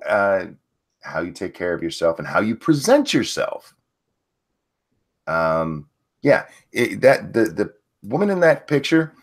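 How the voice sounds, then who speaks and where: A man hosting a casual podcast chat, reading posts aloud and then ranting bluntly with some swearing. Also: lowish voice. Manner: reads tweets aloud, then rants bluntly with profanity. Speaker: host.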